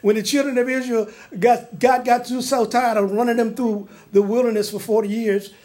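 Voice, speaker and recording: A male preacher with a notably high voice gives a sermon-style teaching. He speaks with energy and often acts out the people he quotes. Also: steady tone, normal speed, a little mellow.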